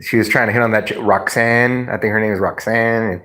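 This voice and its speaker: A man's voice: fairly low pitch, fairly even intonation, fairly quick, pushed and bright. A man live streaming, chatting casually with viewers in a rambling, laughing way with plenty of swearing. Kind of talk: casual livestream chat.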